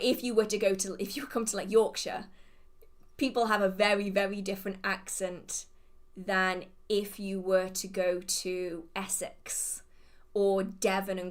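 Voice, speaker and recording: Chatty Englishwoman with a received pronunciation accent. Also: mid-range voice. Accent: English, modern received pronunciation. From England. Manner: rambling, thinks aloud and goes off on tangents. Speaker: witchcraft channel host. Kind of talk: live Q&A chat.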